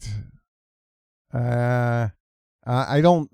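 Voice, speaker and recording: A man's voice: on the high side, big pitch swings, slow pace, dry recording, studio quality. A man hosting a commentary show, ranting in a sarcastic, profane, mocking way.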